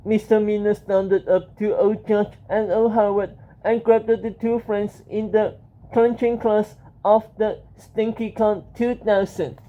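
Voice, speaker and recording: Slow mellow reader for a storybook, steady delivery, lo-fi sound. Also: mid-range voice. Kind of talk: storybook narration.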